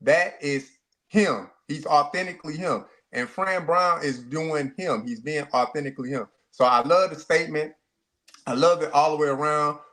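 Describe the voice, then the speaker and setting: A man co-hosts a sports talk show, making his points with emphasis. His voice sits a little high for a man. He often repeats himself and restarts his sentences. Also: normal speed, fairly bright tone.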